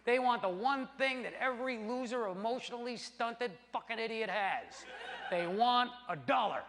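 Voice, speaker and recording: A man doing a stand-up routine, animated and crude, acting out voices for his punchlines on a live stage. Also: extremely high pitch, normal speed. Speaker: stand-up comedian. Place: theater stage before a laughing audience. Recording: live stage with long reverb and loud noise.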